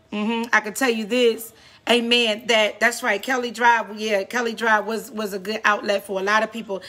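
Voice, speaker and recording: A woman's voice: fairly high pitch, pushed and bright. A woman pastor preaching a sermon, urging her listeners on with repeated call-and-response cries. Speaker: pastor and prophetess. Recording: faint music behind.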